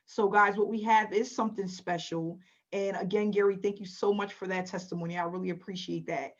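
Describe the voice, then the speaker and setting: A woman's voice: medium pitch, steady tone, brisk. A woman hosting a sales webinar over a video call, upbeat and chatty, talking straight to the audience. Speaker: webinar host. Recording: dull lo-fi webinar audio.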